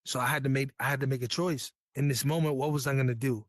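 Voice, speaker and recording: A man's voice: mid-range voice, fairly even intonation, fast, dry recording. A man from New York, a Navy veteran guest, telling his story in a candid, earnest, slangy way. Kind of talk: casual storytelling.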